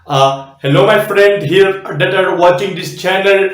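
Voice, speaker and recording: A polite, friendly fellow with an exaggerated Indian accent, as a man puts him on. He sits fairly high for a man and speaks in a strongly echoing room. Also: measured pace. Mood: pleading politely. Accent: Indian, imitated. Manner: exaggerated, polite appeal to viewers. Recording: echoey room.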